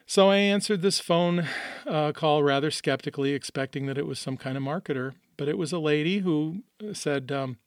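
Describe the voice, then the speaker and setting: A middle-aged man from the American Midwest talks through a personal story on his podcast, earnest and openly emotional. His voice has a gravelly edge. The sound is dry and close, with no room around it. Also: fairly high pitch, normal speed, dry recording. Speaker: podcast host. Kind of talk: personal monologue.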